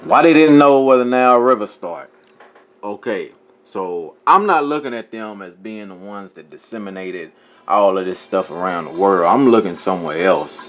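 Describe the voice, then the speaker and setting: This time the same scripture teacher sounds lower and expressive, moving at a normal pace. Informal and direct with his viewers, he reads passages aloud and keeps pausing to fix his words and talk to them.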